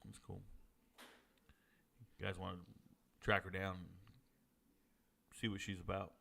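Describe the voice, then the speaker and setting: Man, from Georgia, bright tone, casual stream banter, sports commentary. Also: low voice, takes it slowly, vocal fry, slight background noise. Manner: joking banter with chat, excited outbursts. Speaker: streamer hosting a watch party.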